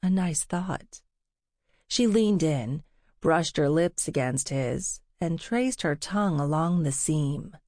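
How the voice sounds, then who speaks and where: A woman reading a novel aloud as narrator, in a measured, unhurried way. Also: deep voice, animated, darkish tone, no echo, studio quality. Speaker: audiobook narrator. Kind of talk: scripted narration.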